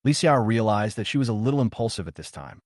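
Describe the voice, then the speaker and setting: A man narrating a dramatic story recap in an expressive way. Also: on the low side, fast, no room sound, clean studio sound.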